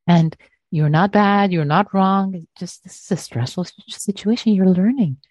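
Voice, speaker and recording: A woman meditation teacher answering a question in a gentle, soothing talk, repeating words and trailing off. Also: mid-range voice, moderate pace, no room sound, studio quality.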